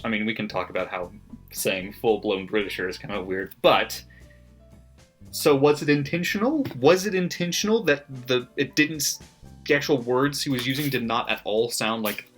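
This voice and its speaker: A man's voice: medium pitch, fairly bright tone. A man casually reading out his margin notes from a book, laughing often and swearing freely. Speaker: book vlogger. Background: faint background music.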